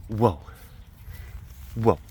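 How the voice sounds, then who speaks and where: A man's voice: on the low side, very slow, a little mellow, husky. A man hosting his own vlog from an animal facility, telling stories in a rambling, chatty way full of fillers. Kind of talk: casual chat.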